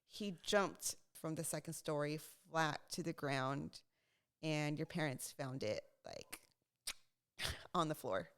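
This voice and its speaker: A young woman co-hosts a casual podcast and tells a funny story with plenty of energy, slipping into quoted voices and laughing along. Her voice is smooth and clear and sits a little low for a woman. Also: slow. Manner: animated, laughing, acts out quotes. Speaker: podcast co-host.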